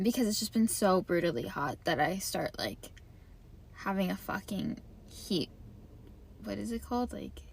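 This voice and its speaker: A woman's voice: on the high side, a little mellow. A young woman hosting her podcast from her parked car, talking in a rambling, easily distracted way and swearing freely. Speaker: podcast host. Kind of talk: casual rambling chat.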